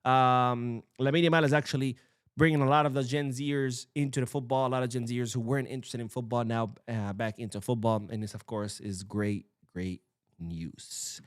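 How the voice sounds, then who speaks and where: A young man hosting a casual livestream, reading chat comments aloud and swearing freely in an animated way. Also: medium pitch, normal speed, clean tone, no room sound, studio quality. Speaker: livestream host. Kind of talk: casual live-stream chat.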